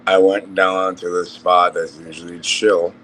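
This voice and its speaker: Man, very low voice, relaxed storyteller who swears, faint background hiss. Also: measured pace, low-quality recording. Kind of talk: casual group chat.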